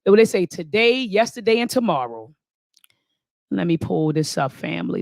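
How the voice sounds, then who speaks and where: Her lowish voice swings widely in pitch and turns creaky at times, moving at normal speed. Hosting a live online talk, she reads comments aloud with preacher-like fervor, calls her audience "family", and restarts and repeats phrases as she thinks aloud, in a studio-quality recording without echo.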